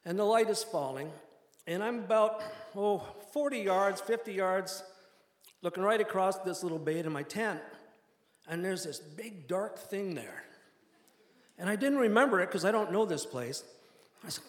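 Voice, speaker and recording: A man's voice: high-pitched, lively intonation, moderate pace, pauses often. An older man telling a personal story to a live audience in a wry, self-deprecating way, often laughing through his lines. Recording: echoey hall with long reverb.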